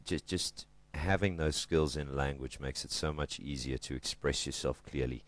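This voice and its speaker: A man's voice: very deep voice, normal speed. A man teaching literature in a casual video lesson, chatty and joking, leaning hard on stressed words.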